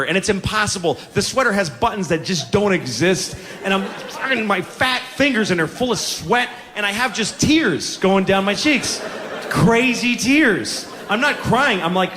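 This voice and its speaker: A man in his forties doing stand-up comedy, with animated, profane storytelling full of exasperated self-mockery. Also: high-pitched, moderate pace. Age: 40s. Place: stage before a laughing audience. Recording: noisy live recording with audience laughter.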